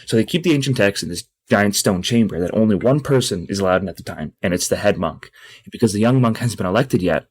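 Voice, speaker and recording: A podcast co-host with a low voice, telling a long joke in a rambling, casual way. He leans on fillers as he goes.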